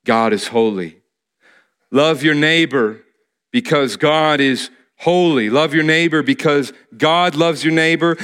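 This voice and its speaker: A man's voice: fairly high pitch, a bit bright. A man preaching a sermon, earnestly repeating key phrases for emphasis, with some restarts as he speaks.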